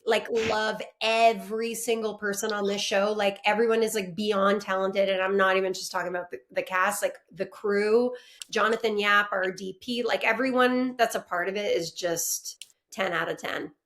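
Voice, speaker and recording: A woman from Canada chatting casually in an interview, talking quickly with lots of "like" and frequent laughter. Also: mid-range voice, fairly even intonation, fairly bright tone. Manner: chatty, many likes, laughs often. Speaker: actress guest.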